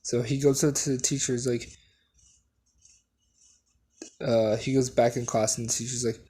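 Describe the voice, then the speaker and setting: A man casually retelling a fan story, halting often with fillers and restarts. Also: mid-range voice, flat delivery, dark tone, breathy edge.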